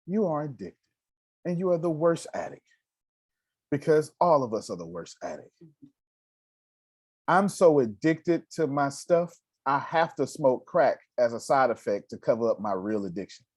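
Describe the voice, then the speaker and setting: Blunt, lively male life coach on a call. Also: medium pitch, moderate pace, pauses often, no room sound, studio quality. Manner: blunt, profane, emphatic, acts out quoted voices. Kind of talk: motivational coaching talk.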